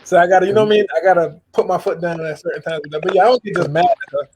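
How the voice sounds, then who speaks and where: A man with a notably high voice talks through parenting in a relaxed group chat, pausing and circling as he picks his words. a faint hiss sits under him. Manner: hesitant, weighs his words with fillers. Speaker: father of a young daughter.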